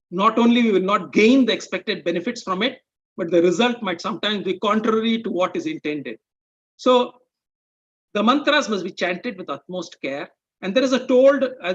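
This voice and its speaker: Higher-voiced man giving a measured talk. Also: fairly bright tone, lo-fi sound. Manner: measured, explaining with rhetorical checks like "okay?" and "right?". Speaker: presenter. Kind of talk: explanatory talk.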